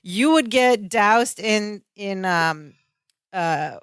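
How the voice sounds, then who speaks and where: A woman's voice: mid-range voice, expressive, very slow, fairly bright tone, clear, resonant tone, no echo, studio quality. A woman co-hosting a podcast, chatting casually about a sitcom and laughing between remarks. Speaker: podcast co-host. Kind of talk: casual chat recapping a sitcom.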